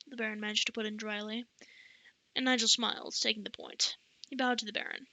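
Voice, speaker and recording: A woman's voice: fairly high pitch, flat delivery, fast talker, pushed and bright, no room sound, low-quality recording. A woman reading a novel aloud as an amateur audiobook narrator, often stumbling and restarting words. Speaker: audiobook reader.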